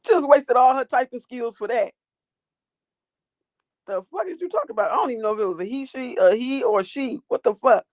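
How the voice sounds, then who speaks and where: A woman's voice: fairly high pitch, expressive, a little fast, long pauses, a little mellow, dry recording, studio quality. A woman hosting a livestream, ranting and talking back to her chat in a profane, confrontational way. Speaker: livestream host.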